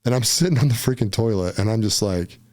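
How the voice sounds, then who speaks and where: A man from Utah, a podcast guest, telling a personal story in a casual, animated way, often saying "dude" and "right?". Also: on the low side, fast.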